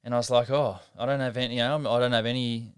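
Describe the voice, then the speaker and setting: Earnest man, smooth dry voice. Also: medium pitch, level tone, fast, no room sound. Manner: reflective, earnest storytelling with frequent restarts. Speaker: interview guest, professional rugby league halfback. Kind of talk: casual interview conversation.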